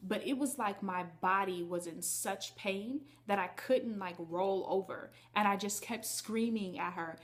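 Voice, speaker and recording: A woman's voice: mid-range voice, moderate pace, few pauses. A woman vlogger telling a personal story to her viewers in a candid, chatty way. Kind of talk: casual storytelling to camera.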